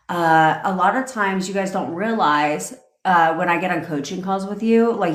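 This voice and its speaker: A fired-up woman coach cursing freely through a livestream rant, her voice sitting on the low side for a woman. The room rings around her with a roomy echo. She talks straight at her viewers and hypes up their comments. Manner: profane, blunt, hyped-up; reads out and cheers viewer comments. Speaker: manifestation coach.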